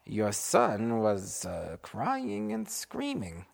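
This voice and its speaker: Man doing a kindly holiday hero, hesitant, pausing a lot, slow and gravelly, bedtime story. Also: lowish voice, huge pitch swings, in a large hall, heavily acted. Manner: hesitant, full of uh's. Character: kindly space-traveling Hanukkah hero, man.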